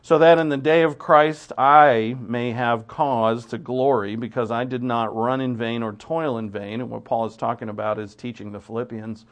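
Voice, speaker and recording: Throat-clearing male preacher, conversational. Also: mid-range voice, fairly even intonation, moderate pace, hardly any pauses. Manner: informal, with many fillers and restarts. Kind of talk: conversational sermon.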